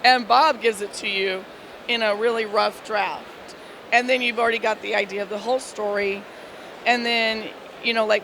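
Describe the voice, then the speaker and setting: A woman comic book editor, hoarse from losing her voice, chatting in an interview and laughing as she tells stories. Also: medium pitch, normal speed. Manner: laughing, animated storytelling. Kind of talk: casual interview. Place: busy convention floor. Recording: noisy convention floor. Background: crowd and hall ambience.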